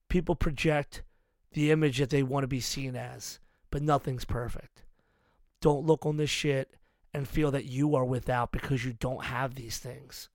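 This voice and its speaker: A man's voice: medium pitch, steady tone, a little slow, dry recording, studio quality. A man in his forties hosting a podcast, reading a heartfelt message and then talking with a friend in a casual, profane way. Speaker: podcast host.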